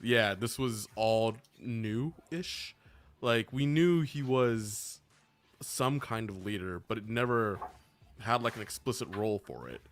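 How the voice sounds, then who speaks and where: A man chatting casually on a podcast, relaxed and a little hesitant. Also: fairly low pitch, takes it slowly, no echo. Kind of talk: casual chat.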